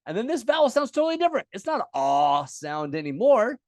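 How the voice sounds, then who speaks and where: A man's voice: high-pitched, big pitch swings, a little fast, darkish tone, no room sound, studio quality. A man teaching an unscripted lesson, explaining step by step at a chart, casual with many fillers and self-corrections.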